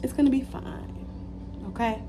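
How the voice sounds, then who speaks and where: Animated woman giving a pep talk. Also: high voice, moderate pace, heavy background noise. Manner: animated, preachy, repeats phrases for emphasis. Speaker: vlogger. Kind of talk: casual motivational talk to camera.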